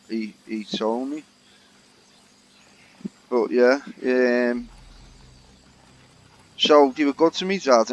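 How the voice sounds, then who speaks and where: A man's voice: mid-range voice, slight background noise, poor audio. A man telling long, meandering stories with many restarts while he plays a video game. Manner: meandering, lots of restarts and fillers. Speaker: gamer. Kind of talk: rambling storytelling while playing.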